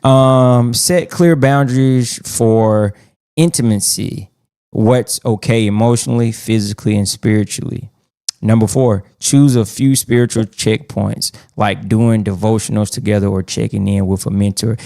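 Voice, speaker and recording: Gravelly casual man co-hosting a faith podcast. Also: fairly low pitch, fairly even intonation, measured pace, dark tone, dry recording, studio quality. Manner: casual, joking, hesitant with many fillers. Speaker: podcast co-host.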